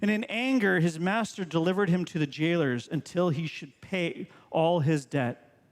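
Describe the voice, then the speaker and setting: A man's voice: on the high side, moderate pace, in a large hall. A male pastor preaching a sermon in a conversational way, full of rhetorical questions. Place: church sanctuary.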